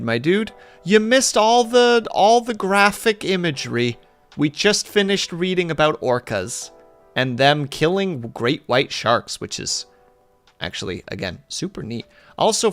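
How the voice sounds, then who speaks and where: A man's voice: sits high, big pitch swings, measured pace, fairly bright tone, soft background music. A man streaming live, chatting casually and rambling with his viewers in a self-deprecating way.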